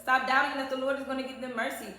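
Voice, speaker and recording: A woman's voice: high-pitched, flat delivery, racing, pushed and bright. A woman in her thirties giving a chatty, emphatic tarot reading to her viewers. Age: 30s. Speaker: tarot reader. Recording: very echoey room.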